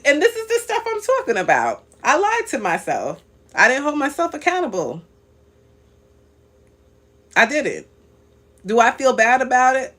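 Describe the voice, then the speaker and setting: A woman's voice: fairly low pitch, fairly bright tone. A woman in her thirties hosting a casual live stream, chatting in an upbeat, motivational way straight to her viewers and answering their comments. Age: 30s. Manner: reads out viewer comments and laughs often. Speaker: livestream host.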